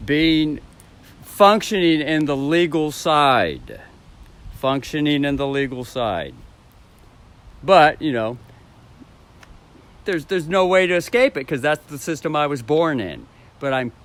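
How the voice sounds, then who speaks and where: A man's voice: medium pitch, fairly bright tone. Rambling man with a swooping voice. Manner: rambling, profane, chuckling to himself. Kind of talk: rambling vlog monologue to camera.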